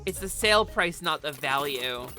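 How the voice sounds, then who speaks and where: Bright, lively woman streamer. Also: low-pitched, normal speed, faint music behind. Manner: animated, chatty, swears freely. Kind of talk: casual live gaming stream chat. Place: home office.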